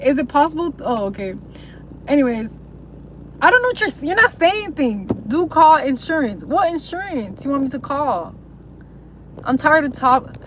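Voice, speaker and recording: Her voice sits high with a sing-song lilt and moderate pace as this young woman chats casually on a livestream, rambling, slangy, swearing plenty, and mocking voices. There's slight background noise and the recording is rough.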